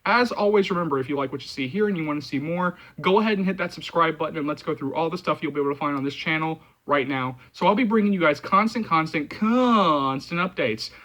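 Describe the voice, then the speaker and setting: A man hosts his own movie channel and delivers a heated, repetitive rant, leaning on filler words and swearing often. His voice sits a little high with a bright, forceful edge. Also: fast talker, few pauses. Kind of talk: ranting vlog commentary.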